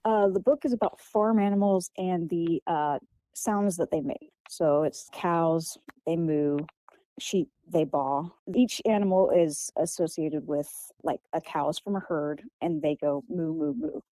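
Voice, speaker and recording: Soft-spoken hesitant young woman. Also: on the low side, measured pace, no echo, poor audio. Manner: hesitant, many fillers and restarts. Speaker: guest author. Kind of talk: casual interview answers.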